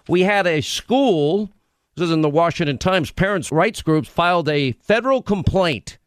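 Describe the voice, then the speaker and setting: Male radio host, emphatic and repetitive, slightly high-pitched, dry close mic. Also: dry recording. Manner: emphatic, rambling, repeats phrases. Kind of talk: opinionated radio monologue. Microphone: studio microphone.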